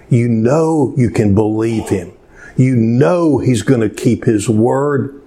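A man preaching a sermon in an earnest, slow manner, telling a story with dramatic pauses. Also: mid-range voice, warm tone, slight background noise. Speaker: pastor.

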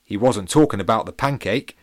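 A man's voice: lowish voice, brisk, no echo, studio quality, close to an everyday voice. A man voicing a proud, heroic apple who declaims his lines.

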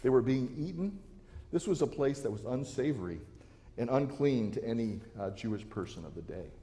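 A man preaches a sermon in a church, his voice mellow and warm at an ordinary pitch. He talks earnestly, often restarting his phrases, and a long reverb from the hall trails each line. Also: expressive, moderate pace. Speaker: pastor. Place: church sanctuary.

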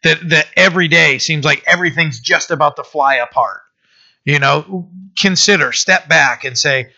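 A man's voice: on the high side, normal speed, vocal fry, pushed and bright. A middle-aged man preaching a conversational sermon, rambling, with many restarts and fillers. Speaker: pastor. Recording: dull lo-fi sermon recording.

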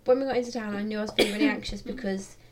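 A woman's voice: medium pitch, steady tone, racing, a crowd in the background. A young woman, co-hosting a casual chat with a wry, passive-aggressive edge. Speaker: podcast co-host.

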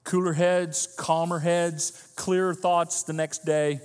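A high-voiced male pastor preaches in a lively way, acting out the people he quotes. His voice carries a long reverb from the church hall. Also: slow, smooth. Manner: animated, acts out quoted voices of listeners. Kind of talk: sermon.

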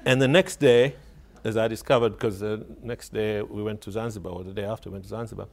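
Low gravelly man, hesitant and reflective. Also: fairly even intonation, quick pace. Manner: hesitant, repeats words while searching for phrasing; wry, laughs while telling a story. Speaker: author interviewed on radio. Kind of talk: reflective spoken reminiscence.

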